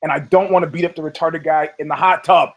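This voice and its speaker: A man hosting a podcast, telling a story in a casual, profane, animated way and acting out the people in it. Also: a little high, fast, low-quality recording. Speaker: podcast host.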